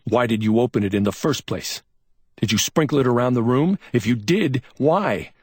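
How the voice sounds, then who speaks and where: A man's voice: medium pitch, animated, moderate pace, breathy edge, dry recording, clean studio sound, voice pushed up. A man voicing a male investigator in an audiobook crime story, pressing with patient but insistent questions. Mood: probing. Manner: probing, gently insistent questions. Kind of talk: audiobook character voice.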